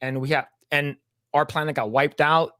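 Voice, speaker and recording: A man on a podcast rambles through a long cartoon plot, his voice a little higher than most and recorded dry and close. He keeps acting out the characters' lines and swears freely as he goes. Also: little pitch movement, moderate pace, fairly bright tone, clean tone, dry recording. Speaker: podcast co-host. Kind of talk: casual chat, retelling a cartoon plot.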